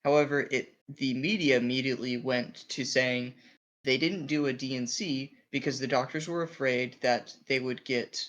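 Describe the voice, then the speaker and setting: A male podcast co-host lays out a news story in a steady, step-by-step way. His voice sits at an ordinary middle pitch for a man. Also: normal speed, lo-fi sound. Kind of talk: political commentary chat.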